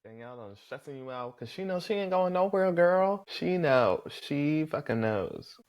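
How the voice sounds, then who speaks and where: A man recapping a reality competition episode in a sassy, animated, chatty way, swearing freely and calling people "girl". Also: a little high, normal speed. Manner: chatty, talks straight to the viewer, fillers like "girl" and "like". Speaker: reality show contestant recapping his season.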